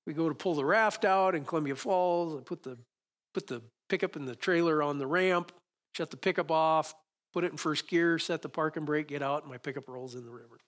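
Animated middle-aged preacher man. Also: on the high side, fairly quick. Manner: storytelling, animated with sudden loud peaks. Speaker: pastor. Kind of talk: sermon.

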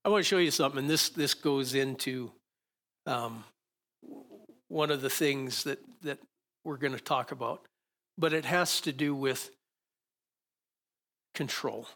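A man's voice: mid-range voice, a little slow, long pauses, a bit bright. A male pastor preaching to a congregation in a conversational way, often restarting his sentences as he coaches volunteers through a demonstration on stage. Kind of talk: sermon with live stage demonstration. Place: church stage before a congregation.

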